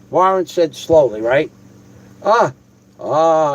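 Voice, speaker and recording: A man's voice: on the high side, expressive, takes it slowly, muffled recording. A man hosting his own video, ranting and rambling straight to his viewers with plenty of cursing. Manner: profane, rambling, talks to viewers directly. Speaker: video host.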